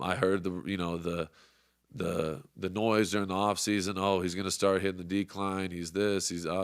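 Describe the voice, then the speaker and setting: Young male podcast host, low smooth voice, hyped and profane, dry close sound. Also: no room sound. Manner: fired-up, profane, motivational. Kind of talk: casual sports podcast chat.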